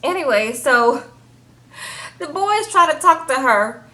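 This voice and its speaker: Chatty woman with a high voice. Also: slow pace. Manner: animated, chatty, says "okay?" and "baby" often. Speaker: TV show reviewer. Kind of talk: casual chat.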